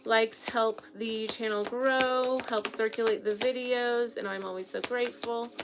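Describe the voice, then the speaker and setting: At home beside an altar, a young tarot reader chats frankly through a casual reading, often asking her listeners "okay?" Her voice sits on the high side with fairly even intonation and a slightly slow pace, and there's background noise.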